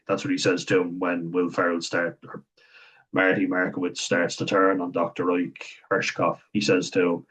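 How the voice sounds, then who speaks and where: A man's voice: low-pitched, monotone, moderate pace, fairly bright tone, breathy edge, low-quality recording. An Irish man talking through a series in casual commentary, blunt and chatty, acting out the quoted lines as he goes. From Ireland.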